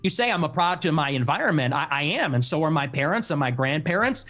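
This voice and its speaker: A man's voice: a little high, very animated, fast talker, fairly bright tone, soft background music. A man from Chicago arguing on air, indignant and insistent. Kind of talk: heated on-air argument.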